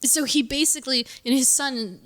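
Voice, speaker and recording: A woman's voice: high-pitched, normal speed, a bit bright. A woman co-hosting a podcast in casual chat, rambling with fillers and laughing easily. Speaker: podcast co-host.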